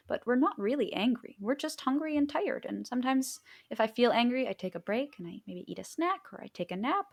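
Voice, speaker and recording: A woman hosting a livestream, patiently recounting a story in a gentle, soothing way. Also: medium pitch, vocal fry. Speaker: livestream host. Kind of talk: casual livestream talk. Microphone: livestream microphone.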